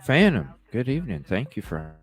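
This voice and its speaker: A man's voice: mid-range voice, wildly swooping pitch, normal speed, faint music behind. A man hosting a live call-in talk stream, chatting casually with viewers, rambling, swearing freely and laughing often.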